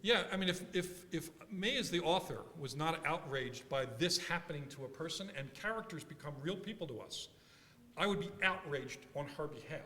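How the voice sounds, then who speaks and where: A man from Philadelphia giving a conference workshop talk, animated and thinking aloud with frequent restarts. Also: fairly high pitch, normal speed. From Philadelphia, USA. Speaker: workshop speaker. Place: large conference hall. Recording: conference hall reverb.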